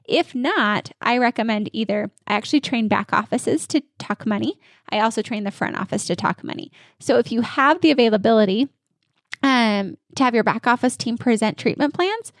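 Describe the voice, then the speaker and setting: An energetic woman works as a dental practice consultant and answers in a confident coaching manner. Her voice sits fairly high. The recording is dry and close. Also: dry recording. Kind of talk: podcast interview answers.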